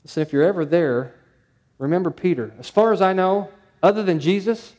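A man's voice: high-pitched, animated, a little fast, darkish tone. A male pastor preaching a sermon, stressing points through repetition and rhetorical questions.

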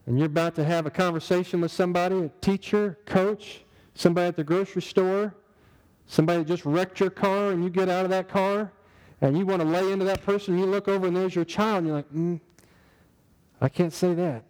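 A man's voice: high voice, fairly even intonation, quick pace, a little mellow, big-room sound, poor audio. A man preaching a sermon in a conversational way, asking the congregation rhetorical questions. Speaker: pastor.

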